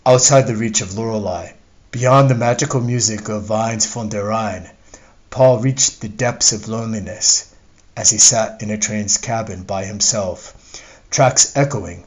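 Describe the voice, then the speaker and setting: A man narrating a memoir audiobook in a measured, reflective reading, as its author. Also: fairly low pitch.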